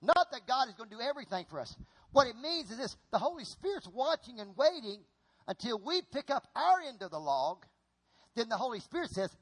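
Male preacher, middle-aged, high voice, animated folksy delivery, repeats phrases. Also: brisk, breathy edge. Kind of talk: sermon with stage demonstration.

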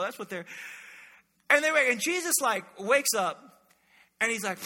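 A man preaching a sermon as a pastor, telling stories with animated energy and acting out the voices he quotes. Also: very high-pitched, fairly quick, long reverb tail.

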